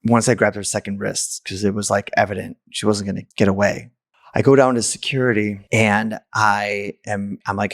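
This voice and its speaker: A man hosting a podcast tells a personal story, blunt and candid, swearing casually. His voice sits low with a gravelly edge. The sound is dry and close, with no room around it. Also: level tone, moderate pace, fairly bright tone, no room sound. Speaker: podcast host.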